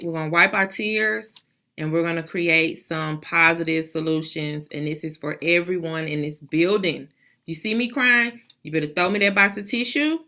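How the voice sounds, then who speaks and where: A woman's voice: fairly low pitch, pushed and bright. Emphatic woman principal rallying her school. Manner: emphatic, repetitive, preacher-like exhortation. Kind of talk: motivational morning address to students and staff. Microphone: video call.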